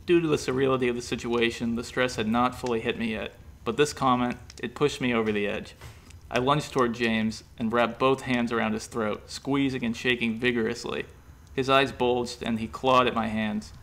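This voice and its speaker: A man narrates a comic horror story in a brisk, deadpan manner. His voice has a gravelly edge and sits in an ordinary middle pitch.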